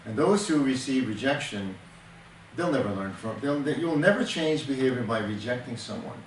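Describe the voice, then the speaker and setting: An older man counseling and teaching in earnest, mid-pitched, leaning on homely examples and stopping to restart his thoughts. He sits back from the mic in a roomy, echoing space with a faint hiss underneath. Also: animated, moderate pace. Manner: earnest, explains with everyday examples and many restarts. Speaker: temperament counselor. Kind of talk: teaching talk in a counseling session. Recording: echoey room, distant mic, faint noise.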